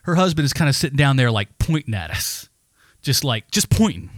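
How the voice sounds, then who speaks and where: A man co-hosting a podcast, telling a story in a casual, animated, heavily profane rant. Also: mid-range voice, brisk, no echo, studio quality. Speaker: podcast co-host.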